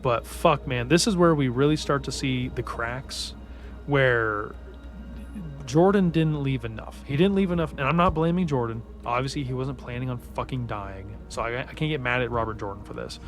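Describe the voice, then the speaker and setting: A man's voice: mid-range voice, normal speed, faint music behind. A man giving a casual spoken book review in a heated, profanity-heavy rant.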